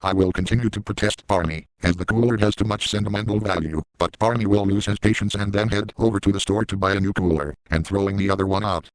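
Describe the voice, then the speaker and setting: A man voicing a crude, boastful middle-aged cartoon dad in a parody comedy video, speaking in a deadpan way. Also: lowish voice, fast talker, few pauses, no echo, lightly acted, rough recording. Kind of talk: parody voice acting.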